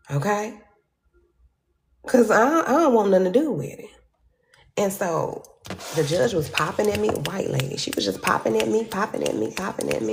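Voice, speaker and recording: A woman telling a story in an animated, profane way, acting out quotes with sudden jumps in pitch. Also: moderate pace, gravelly, slight background noise. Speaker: storyteller vlogger.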